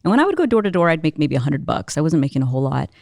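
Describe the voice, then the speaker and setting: A woman guest in an interview, telling a personal story in an animated, expressive way, full of casual "like"s. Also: low-pitched, racing, gravelly, no room sound, studio quality. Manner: animated, expressive, many filler "like"s.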